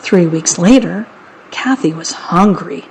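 A woman narrating a children's audiobook in a wry, deadpan way. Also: lowish voice, unhurried, gravelly, slight background noise, poor audio.

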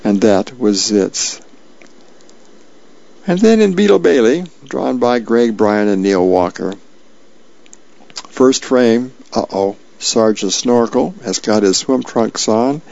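Male radio reader, low and gravelly, casual delivery, dull lo-fi sound. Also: animated, slow, long pauses, darkish tone, dry recording. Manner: casual, with fillers. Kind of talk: reading newspaper columns and comics aloud.

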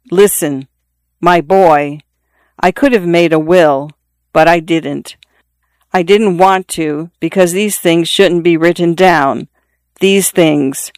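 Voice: medium pitch, dry recording. A reader voicing a dying father pleading. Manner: confiding, insistent, repeating himself. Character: dying middle-aged father, earnest and pleading. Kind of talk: audiobook reading.

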